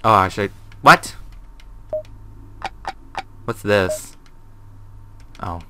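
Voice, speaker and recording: A man's voice: lowish voice, lively intonation, drawn-out words, sharp tone, slight background noise. A young man hosting a gaming video. He reads a horror game's text aloud and reacts with nervous swearing. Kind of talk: horror game commentary and reading game text aloud.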